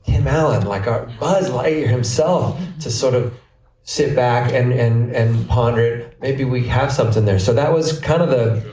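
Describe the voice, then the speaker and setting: Man, filmmaker, earnest, halting, repeats words, distant, echoey. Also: medium pitch, darkish tone. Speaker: filmmaker on a press panel. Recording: echoey room, distant mic.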